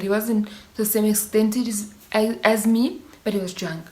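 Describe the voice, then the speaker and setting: A woman's voice: medium pitch, steady tone, normal speed, few pauses, darkish tone. A young South African woman in her twenties telling a story to camera, casually and animatedly, mixing in Zulu slang. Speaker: vlogger. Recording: echoey room.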